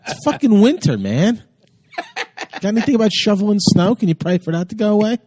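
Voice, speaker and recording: A man's voice: sits high, brisk. A man hosting a casual podcast over a video call, riffing on jokes and swearing freely. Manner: joking riffs, swearing, lively. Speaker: podcast host.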